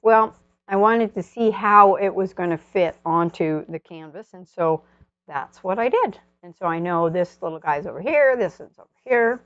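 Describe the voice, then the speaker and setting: A woman's voice: lowish voice, lively intonation, moderate pace, no echo, muffled recording. A woman demonstrating an oil painting step by step, chatting and thinking aloud as she works. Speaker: painting instructor.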